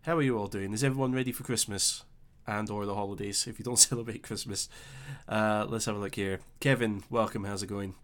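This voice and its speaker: A young man with a Scottish accent hosting a casual live stream, chatting easily and reading out viewer comments with relaxed filler pauses. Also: lowish voice. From Scotland. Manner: chatty and easygoing, thinking aloud with filler pauses.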